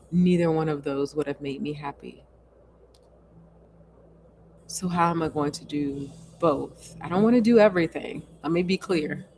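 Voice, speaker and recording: A woman's voice: sits low, background noise. A woman hosting a casual live chat and answering viewer comments in an earnest, coaching way, with bits of self-reflection.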